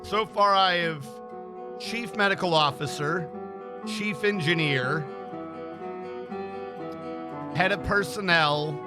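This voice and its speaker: A man's voice: sits high, slow, long pauses, music in the background. A man streaming, chatting casually and rambling, swearing freely as he tells stories. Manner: rambling, swears freely, acts out dialogue in anecdotes.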